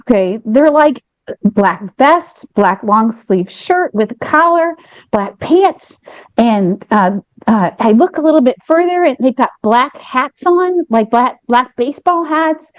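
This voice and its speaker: Woman, American, podcast co-host, fairly high voice, animated, rambling, dry dull sound. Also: a little slow, no echo. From United States. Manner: animated, rambling, frequent restarts. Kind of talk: candid storytelling chat.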